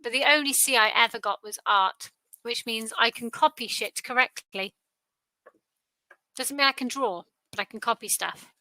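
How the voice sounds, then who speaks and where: A woman's voice: a little high, moderate pace, bright, forceful tone, no echo, low-quality recording. A tired woman hosting a live quiz, chatty and self-deprecating. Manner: chatty, self-deprecating, sing-song repetition. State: tired, yawning. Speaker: quiz host. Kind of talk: casual quiz livestream chat.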